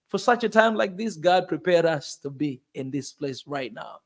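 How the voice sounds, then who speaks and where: A man in his forties, hosting a video, gives a fervent, preachy motivational talk, repeating phrases for emphasis in an impassioned monologue. His voice is high and his pace brisk.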